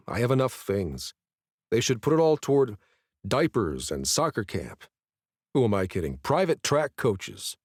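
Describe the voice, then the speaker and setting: A man's voice: mid-range voice, vocal fry, darkish tone, no echo. Male audiobook narrator, first-person romance, mid voice, dry studio read.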